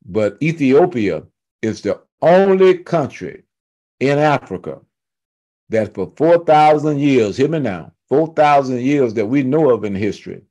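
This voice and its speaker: A man teaching a church Bible study, retelling scripture in loose everyday speech with humorous asides and emphatic, slowed-down stresses. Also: mid-range voice, expressive, mellow. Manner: fired up and emphatic, slowing to stress key words.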